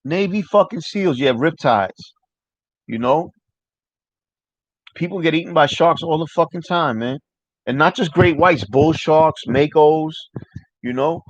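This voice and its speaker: A man's voice: on the high side, animated, a little slow, long pauses, no echo. New man, casual livestream chat, profane, rambling, dry dull lo-fi sound. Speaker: livestream host.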